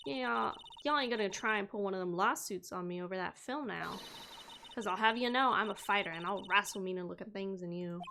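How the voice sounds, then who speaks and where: A woman's voice: mid-range voice, brisk, creaky, pushed and bright, a little hiss or hum. A woman doing a drawling Southern gal. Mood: brash. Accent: Southern US, put on. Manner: drawling, folksy, brash. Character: brash folksy young Southern woman photographer.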